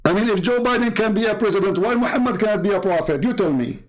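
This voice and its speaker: A man's voice: sits high, quick pace. A man hosting polemical commentary, talking in a mocking, sarcastic way and laughing at his own jokes. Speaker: host.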